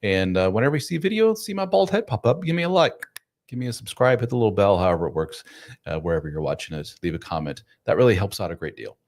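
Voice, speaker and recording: A man hosts a casual live stream from a room at home, chatting loosely and self-deprecatingly with viewers; he works as a men's coach. He talks fast in a lowish, darkish voice with big pitch swings.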